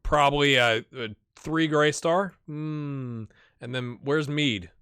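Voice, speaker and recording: A man hosting a game channel, giving chatty, excitable live commentary while he plays and talking straight to his viewers. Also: on the high side, slow pace, clear, resonant tone, no room sound, clean studio sound. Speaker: gaming channel host.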